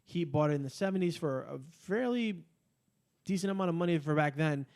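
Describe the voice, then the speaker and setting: A man co-hosts a podcast in loose, rambling chat. He curses freely and rants with heat. His voice sits a little high for a man. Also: brisk, creaky. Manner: profane, rambling, animated ranting. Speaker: podcast co-host. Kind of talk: casual chat.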